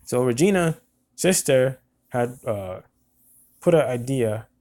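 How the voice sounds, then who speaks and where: A man in his twenties telling a personal story in a halting, earnest way, often repeating words. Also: mid-range voice, animated, darkish tone. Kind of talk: personal monologue recounting events.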